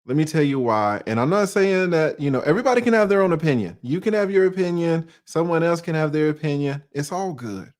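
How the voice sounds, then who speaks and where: A man's voice: on the high side, expressive, fairly quick, few pauses, a little mellow. A man in his forties from the US South with a Southern accent, talking to his audience in a casual monologue and posing rhetorical questions. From Atlanta, US South. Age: 40s. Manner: conversational, poses rhetorical questions, uses slang. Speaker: online commentator.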